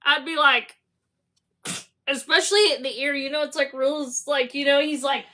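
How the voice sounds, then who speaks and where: A woman hosting a casual book club discussion, animated and laughing as she acts out scenes. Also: high-pitched, normal speed.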